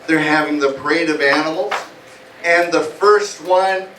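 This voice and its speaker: A man's voice: on the high side, unhurried, sharp tone, slight background noise. A man working as a stage hypnotist, playfully guiding volunteers through suggestions at a live comedy show in a small bar. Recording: echoey bar from far off, music behind.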